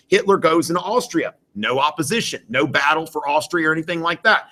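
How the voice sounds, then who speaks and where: A man's voice: fairly high pitch, normal speed, hardly any pauses, sharp tone. A male history teacher giving a live exam review to students in a classroom, rambling with many fillers and jokey asides.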